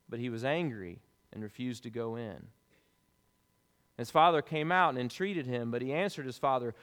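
A man preaching a sermon as pastor, in a lively, conversational way with casual asides, in a church sanctuary. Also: medium pitch, moderate pace, smooth. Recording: long reverb of a large hall.

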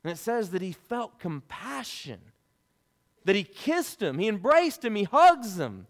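Pastor guy preaching, kinda high voice, chatty and animated, big echo from the church hall. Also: measured pace. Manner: conversational, animated preaching with casual asides. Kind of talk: sermon. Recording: long reverb of a large hall.

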